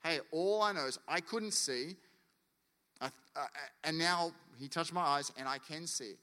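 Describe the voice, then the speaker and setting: A man's voice: a little high, measured pace, pushed and bright, in a large hall. A man preaching a sermon as pastor, in a casual, conversational way that acts out quotes.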